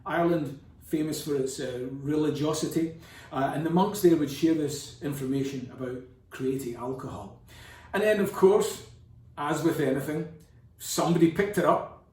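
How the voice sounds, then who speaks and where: A man's voice: on the high side, a little mellow. A man giving a casual, chatty lesson, digressive with playful asides. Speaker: whisky educator. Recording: roomy, distant from the mic.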